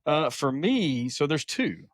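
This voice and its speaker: A man co-hosting a podcast in relaxed casual chat, enthusiastic with lots of hesitant fillers. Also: on the high side, slow pace, no room sound, clean studio sound. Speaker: podcast co-host. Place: podcast studio filmed on camera.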